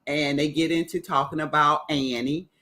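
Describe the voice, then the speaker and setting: A woman hosting a casual livestream recap of a reality show, chatty and animated as she retells scenes. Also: low voice, moderate pace. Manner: chatty, animated retelling with playful quoted voices. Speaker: host.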